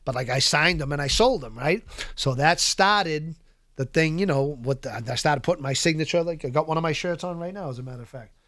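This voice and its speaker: A man who is a podcast guest, telling prison stories in an animated, profane, streetwise way in a casual interview. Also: a little high, fairly quick, dry recording, clean studio sound. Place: podcast studio.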